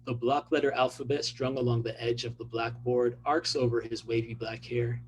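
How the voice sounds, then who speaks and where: A man, an author, reading his own fiction aloud in a measured, even delivery. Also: medium pitch, a little hiss or hum, poor audio.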